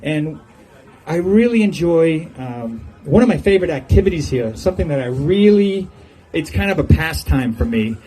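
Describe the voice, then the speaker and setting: A man's voice: a little high, expressive, normal speed, mellow, breathy edge, low-quality recording. An older man giving a humorous farewell speech on an outdoor patio, telling jokey stories and chuckling at his own punchlines. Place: outdoor golf club patio.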